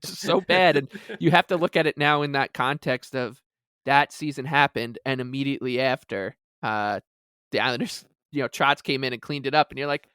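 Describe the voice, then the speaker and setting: A man's voice: medium pitch, brisk, sharp tone, smooth, dry recording. A man chats on a podcast and muses with amused animation. The recording is dry, with no room sound. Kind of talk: casual chat.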